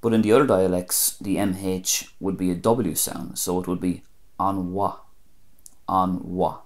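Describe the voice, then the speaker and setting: A man with a notably low, deep voice teaches a language lesson. He speaks in a measured, careful way, saying each example word twice, slowly and clearly. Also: fairly even intonation, a little mellow.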